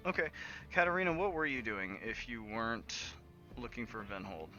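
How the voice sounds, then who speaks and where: Guy running a tabletop game, asks players stuff fast, faint music behind. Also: medium pitch, sing-song, bright, forceful tone. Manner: brisk, asks players questions. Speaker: game master. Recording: dull lo-fi audio.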